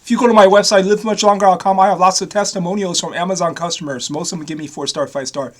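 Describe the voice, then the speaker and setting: High-voiced rambling man in his fifties. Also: steady tone, quick pace. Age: 50s. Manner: repetitive, restarts often, casual swearing. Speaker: vlogger. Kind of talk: rambling personal story to camera.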